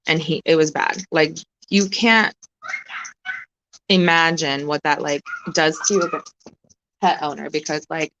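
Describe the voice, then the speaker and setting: A woman chatting on a live stream, close to tears, halting and emotional, swearing often as she talks. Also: low-pitched, fairly even intonation, lo-fi sound, noisy background. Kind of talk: casual live-stream chat.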